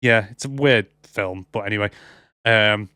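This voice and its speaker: A man's voice: lowish voice, unhurried, bright, forceful tone, clean tone, no room sound, studio quality. A man co-hosting a movie podcast, chatting casually and rambling with lots of fillers. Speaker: podcast co-host. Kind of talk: casual chat.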